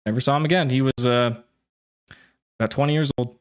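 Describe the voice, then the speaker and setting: A man voicing a stubborn older father who tells his story in halting, rambling bursts. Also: mid-range voice, smooth, lightly acted. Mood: wistful. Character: stubborn older Draconid father, wistful and gruff.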